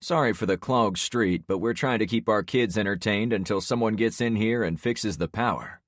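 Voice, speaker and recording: A man's voice: fairly low pitch, moderate pace, no echo, studio quality, pitched above the performer's own voice, lightly acted. A man voicing a sweaty, friendly middle-aged neighbor man in a plain-spoken, chatty way for an audiobook. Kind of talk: audiobook character voice.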